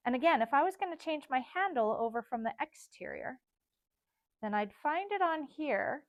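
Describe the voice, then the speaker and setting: A woman's voice: high voice, no echo. A woman designer teaching a casual step-by-step sewing tutorial, chatting and thinking aloud as she works.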